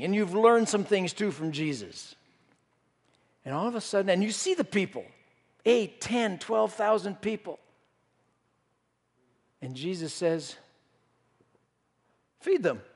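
A man's voice: high voice, sing-song, unhurried, long pauses, a little mellow. A man preaching a sermon, telling a story and acting out the disciples' voices. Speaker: pastor. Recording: reverberant hall.

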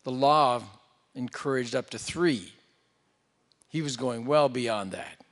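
A man preaching a sermon, retelling a scripture story with loud emphasis and hushed asides. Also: medium pitch, slow, long reverb tail. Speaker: pastor.

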